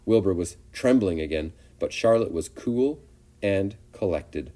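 A man narrates a children's storybook with gentle expression and a lively, sing-song lilt. His voice sits fairly low and sounds warm and mellow. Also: a little slow. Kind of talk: storybook read-aloud.

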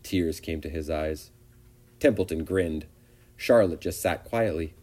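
A man narrating a children's storybook aloud in an expressive, animated way. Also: sits low, a little slow.

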